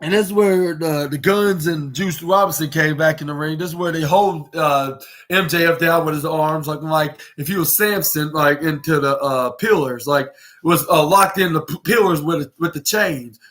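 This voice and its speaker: A man's voice: fairly high pitch, normal speed. A man hosting a podcast, rambling through a casual wrestling recap with lots of restarts and fillers, and acting out what the wrestlers said. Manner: animated, acts out quoted lines. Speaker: podcast host.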